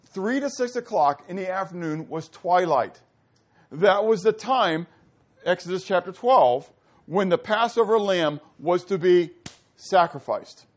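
A man's voice: sits high, animated, unhurried. A man preaching a sermon, teaching animatedly and putting questions to his listeners. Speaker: pastor.

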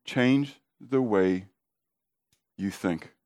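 A middle-aged man preaching a sermon, animated and emphatic, swinging between quiet asides and near-shouts, with repetitions and call-and-response questions to the congregation. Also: on the low side, extremely slow. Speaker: pastor.

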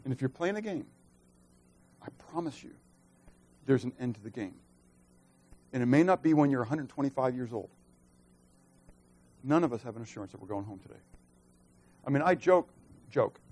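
A middle-aged man preaching a sermon, who swings from loud, emphatic stretches to soft, quiet asides and keeps asking the congregation questions. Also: medium pitch. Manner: conversational, asks the congregation questions. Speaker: pastor.

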